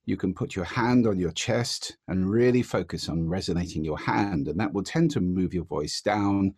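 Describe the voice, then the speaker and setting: A man's voice: deep voice, moderate pace, darkish tone, slightly rough, dry recording, clean studio sound. A man answering interview questions about the voice, explaining and demonstrating voice techniques. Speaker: voice expert guest.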